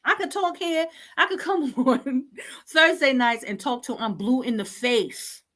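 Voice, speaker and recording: A woman's voice: sits high, unhurried, a bit bright. A woman hosting an online talk show, scolding her listeners in an impassioned, exasperated and repetitive way.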